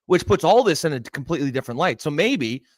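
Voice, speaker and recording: A man's voice: a little high, big pitch swings, fast, no room sound. A man co-hosting a casual political podcast, agreeable and drawing out his words. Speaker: podcast co-host.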